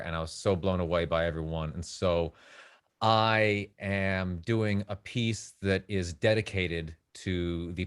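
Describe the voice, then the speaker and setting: A man's voice: low-pitched, clear, resonant tone. A man at an online open mic, reading a rhythmic, rhyming spoken word poem and chatting nervously over a video call, with some swearing. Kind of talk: spoken word poetry and casual chat.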